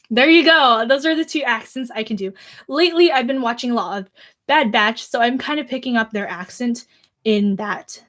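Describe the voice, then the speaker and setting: Teen girl just rambling on her livestream, kinda high voice, lots of likes. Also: fairly bright tone. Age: teens. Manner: rambling, chatty, lots of fillers like "like". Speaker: livestream host. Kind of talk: casual livestream chat.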